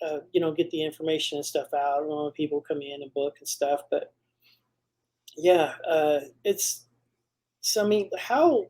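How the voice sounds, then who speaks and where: A woman hosting a podcast interview, talking casually and haltingly with many fillers before asking her question. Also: low-pitched, dark tone. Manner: hesitant, full of fillers and restarts. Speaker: podcast host.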